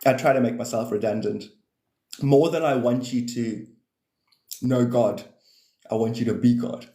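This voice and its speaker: A man's voice: mid-range voice, fairly even intonation, a little slow, dark tone, roomy sound. A man rambling through casual livestream chat about spirituality, swearing freely and laughing often.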